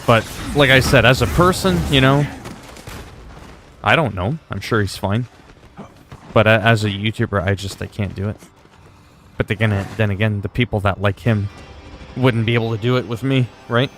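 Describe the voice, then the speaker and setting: A man's voice: fairly low pitch, normal speed, long pauses, fairly bright tone, a little hiss or hum. A male streamer chatting casually while playing a game, laid-back and rambling, with plenty of swearing. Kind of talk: casual gaming livestream chat.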